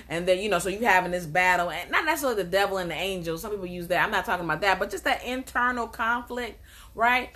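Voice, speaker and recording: A woman's voice: mid-range voice, fairly quick, a bit bright. A woman life coach giving a motivational talk, emphatic and repetitive, asking rhetorical questions and answering them.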